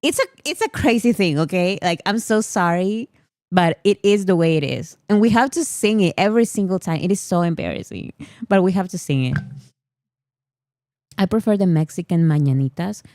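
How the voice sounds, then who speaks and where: A woman's voice: fairly low pitch, expressive, normal speed, a little mellow, dry recording. A woman from Peru, chatting casually on a livestream and laughing often. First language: Spanish. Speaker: livestream host.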